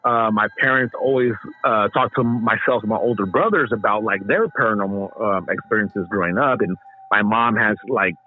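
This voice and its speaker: A man from Southern California, a podcast guest talking in a relaxed, casual way with plenty of fillers. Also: fairly low pitch, moderate pace, husky. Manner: relaxed, lots of "you know" fillers. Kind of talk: casual chat. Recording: tinny phone-like call line.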